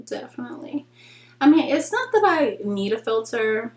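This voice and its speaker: Doing her makeup in an echoey room, a young woman chats through a get-ready-with-me vlog at a moderate pace in a slightly high voice. Frank and full of slang, she tells stories animatedly, acting out quoted exchanges.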